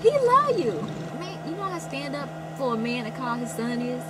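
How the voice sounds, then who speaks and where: A woman's voice: sits high, very animated, normal speed, over a noisy crowd. A woman with a Southern drawl, a guest comedian in casual chat, pushing back with playful indignation. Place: inside a van.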